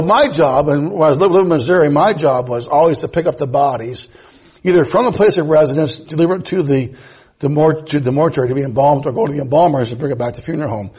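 A man's voice: on the high side, a little mellow, husky, rough recording. A man preaching a sermon in a folksy, emphatic way, mixing scripture with personal stories. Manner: folksy, storytelling, emphatic rises.

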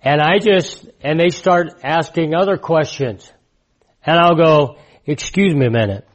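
A man's voice: fairly high pitch, unhurried. Emphatic preacher man in his sixties. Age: 60s. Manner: emphatic, repeats phrases, swings from loud to hushed. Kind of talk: conversational sermon testimony.

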